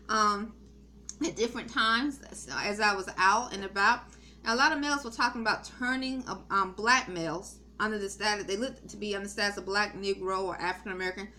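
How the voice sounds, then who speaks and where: A woman's voice: on the high side, bright, forceful tone, slight background noise. Earnest rambling middle-aged woman. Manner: meandering, many ums and restarts; earnest, spiritual talk. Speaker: woman giving a spiritual testimony. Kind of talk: rambling spoken testimony.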